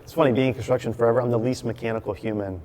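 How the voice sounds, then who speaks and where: A man telling the story of opening his brewery in a casual chat, acting out what people said with lively restarts. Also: mid-range voice, rapid-fire. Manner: animated storyteller, acts out quotes with restarts. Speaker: brewery owner, guest.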